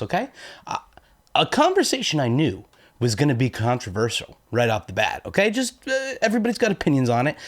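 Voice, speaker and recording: American dude rambling thru viewer comments, lots of likes and uhs, calls himself a dork, mid voice. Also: male voice, mid-range voice. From United States. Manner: self-deprecating, rambling with many fillers. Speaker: YouTube host.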